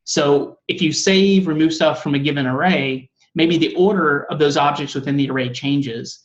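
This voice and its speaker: A man's voice: fairly high pitch, normal speed, dull audio. A male coding instructor giving a classroom lecture, rambling with many filler words.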